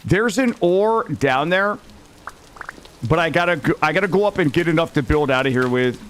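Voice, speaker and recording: An excitable man commentating his gameplay for a live chat, swearing freely. His pitch jumps around a lot. Faint rain noise sits behind him. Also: normal speed. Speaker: game streamer.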